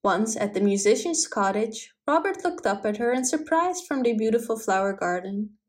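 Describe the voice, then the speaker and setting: A woman's voice: fairly high pitch, lively intonation, normal speed. Woman reading a fairy tale aloud. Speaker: storyteller.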